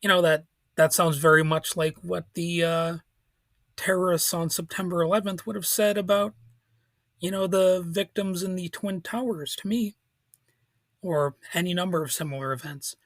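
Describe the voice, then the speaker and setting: Guy hosting a podcast, slightly high voice, kinda halting, talks off the cuff, dry close mic. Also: steady tone, no room sound. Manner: informal, halting, with restarts and soft laughs. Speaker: podcast host. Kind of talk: casual political commentary.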